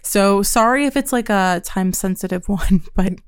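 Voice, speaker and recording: A young woman from Pennsylvania co-hosting a podcast, telling stories in a profane, animated way. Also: moderate pace, clean tone. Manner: profane, animated storyteller, swings pitch high when quoting. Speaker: podcast co-host. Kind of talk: casual chat, storytelling.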